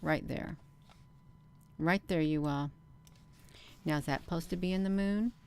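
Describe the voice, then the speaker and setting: At a measured pace, a woman with a clear, resonant, low-pitched voice hosts her channel and chats through camera footage as casual live commentary. Animated and insistent, she repeatedly addresses viewers as "you all" and drives her points home in emphatic bursts, telling them to look where she points.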